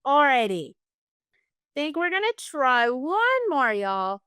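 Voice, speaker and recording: A woman's voice: high-pitched, very animated, slow, pushed and bright, no room sound, studio quality. A woman teacher, leading a virtual class in an upbeat, encouraging way and saying "y'all".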